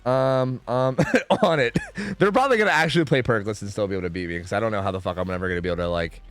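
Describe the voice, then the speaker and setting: A young man chats casually with his stream while gaming, rambling, swearing freely, and second-guessing himself. His lowish voice has a fairly bright tone and a rapid-fire pace, in a dry recording with soft background music.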